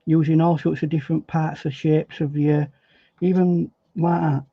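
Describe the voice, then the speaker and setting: A man demonstrating painting step by step in a relaxed, chatty way, thinking aloud as he works. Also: a little high, normal speed, vocal fry, slightly rough, no room sound. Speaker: painting instructor. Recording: dry, slightly dull recording.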